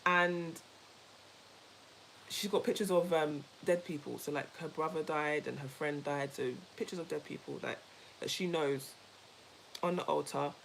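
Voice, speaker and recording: A woman co-hosting a casual chat, telling a story in an animated, emphatic way, repeating herself and laughing easily. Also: low-pitched, a little slow, creaky, long pauses, slight background noise, rough recording. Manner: laughs easily while talking. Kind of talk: casual chat with a co-host and viewers.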